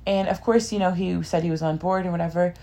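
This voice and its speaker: Chatty young woman, low-pitched, candid. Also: steady tone, fast talker, vocal fry, warm tone. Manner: rambling, filler-heavy, candid. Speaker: podcast co-host. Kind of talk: casual chat.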